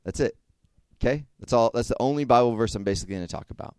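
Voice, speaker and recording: A man's voice: mid-range voice, fast, a little mellow, smooth, dry recording. Casual young man preaching. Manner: conversational, checks in with frequent "okay?". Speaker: youth speaker. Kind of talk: casual sermon.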